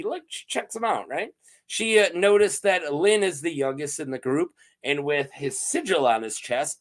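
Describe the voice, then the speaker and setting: Guy hosting a lore chat, upbeat and joking around, voice bouncing all over, sits a bit high. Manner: playful, animated, laughs often, many fillers. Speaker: host of a fantasy lore channel. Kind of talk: casual lore recap.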